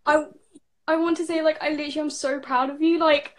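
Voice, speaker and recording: A woman's voice: high-pitched, steady tone, brisk. A woman fan on a video call, starstruck and gushing. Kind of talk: excited fan chat.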